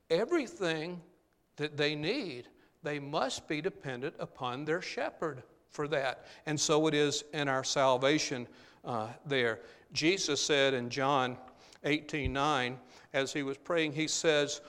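A man's voice: a little high, expressive, measured pace, a bit bright, long reverb tail. A male pastor delivering an earnest sermon, often tagging phrases with "uh, there". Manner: earnest preaching with frequent "uh, there" tags.

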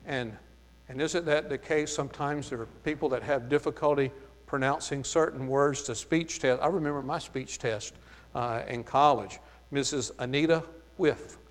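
A man's voice: medium pitch, normal speed. A man with a light Southern US accent teaching a Bible study sermon. He reads verses aloud and then explains them, with frequent "uh, there" fillers. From American South. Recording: long reverb of a hall.

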